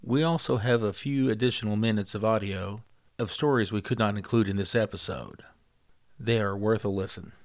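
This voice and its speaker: A male podcast host reading a scripted narration in a measured, even way. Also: on the low side. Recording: narration over guitar music.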